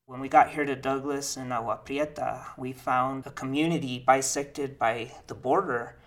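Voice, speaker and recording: A male artist speaking in a measured way in an interview, with a few fillers. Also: mid-range voice, steady tone, a bit bright. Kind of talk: interview clip.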